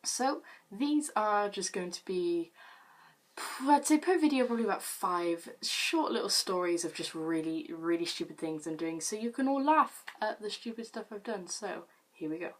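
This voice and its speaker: A woman's voice: medium pitch, moderate pace. A girl, casually telling funny stories about herself to camera, chatty and self-mocking, swearing freely. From Britain. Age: late teens. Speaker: vlogger.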